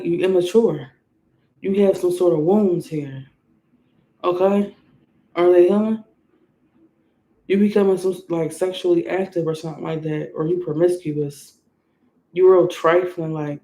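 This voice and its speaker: A woman's voice: fairly low pitch, warm tone, reverberant. A woman tarot reader giving a blunt, profane, scolding reading from home.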